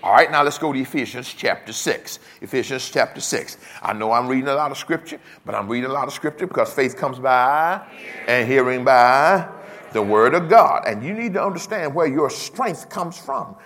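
Preaching with lively intonation at a moderate pace, a male pastor in his sixties has a mid-range, fairly bright voice. He repeats himself for emphasis, draws call-and-response from the congregation, and chuckles in asides.

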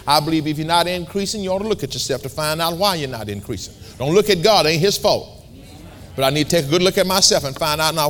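Brief: male pastor mid-sermon, bright, forceful tone, colloquial, repeats phrases, calls out to the congregation in a church. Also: fairly high pitch, slight background noise. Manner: repetitive, colloquial, emphatic preaching. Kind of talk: sermon with call and response. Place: church sanctuary.

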